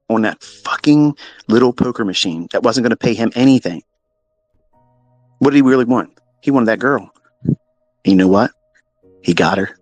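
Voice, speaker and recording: A man telling a story in a profane, animated, mocking way, as a trading mentor talking to his audience. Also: mid-range voice, dry recording. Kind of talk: casual storytelling monologue.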